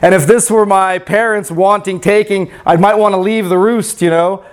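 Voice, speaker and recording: High-voiced reflective male preacher. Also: steady tone, moderate pace, smooth. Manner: conversational, reflective, with many fillers. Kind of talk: storybook reading and sermon reflection.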